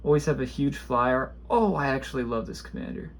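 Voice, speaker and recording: A man casually opening trading card packs, reading card names aloud and chatting about them in a rambling, low-key way. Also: brisk, slight background noise. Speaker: card pack opener. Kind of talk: casual pack-opening commentary.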